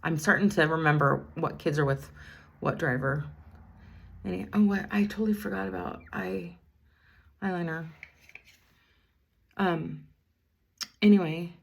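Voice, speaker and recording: Gravelly-voiced woman in her fifties, chatty. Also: lowish voice, unhurried, pauses often. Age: 50s. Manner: rambling, chatty, breaks off mid-story to narrate makeup. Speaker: vlogger, school bus driver. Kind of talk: casual get-ready-with-me chat.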